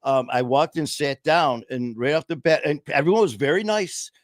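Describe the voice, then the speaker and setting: A man's voice: fairly high pitch, moderate pace, no room sound, clean studio sound. A man guest on a podcast, telling his recovery story bluntly, cursing freely and acting out both sides of conversations. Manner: blunt, profane, acts out dialogue. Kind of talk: candid storytelling interview.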